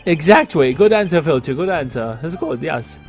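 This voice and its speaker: A man's voice: a little high, animated, normal speed, faint music behind. A man voicing a vain, flamboyant male dandy in a video game, speaking pompously and theatrically. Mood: haughty. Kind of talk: reading game dialogue aloud.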